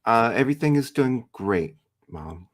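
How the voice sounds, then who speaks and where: A man's voice: mid-range voice, lively intonation, moderate pace, lightly acted. A man playing a blunt, impatient grown daughter. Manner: blunt, pushy. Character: blunt adult daughter, impatient with her mother. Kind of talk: tabletop role-play scene.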